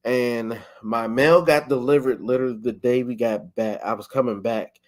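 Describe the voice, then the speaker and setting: A man's voice: mid-range voice, fairly even intonation, normal speed, darkish tone. A young man hosting a podcast, chatting casually and acting out his own thoughts as quotes. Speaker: podcast host. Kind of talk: casual chat.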